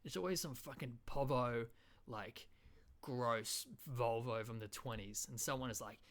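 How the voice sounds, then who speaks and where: Rambling, profane Australian podcast host. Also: male voice, medium pitch, a little slow, fairly bright tone. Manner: rambling, profane, lots of fillers. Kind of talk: rambling comedic monologue.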